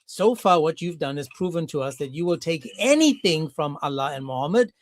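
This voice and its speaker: A man's voice: on the high side, animated, brisk. A man hosting a heated live-stream debate, combative and mocking, often cutting others off. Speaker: debate host.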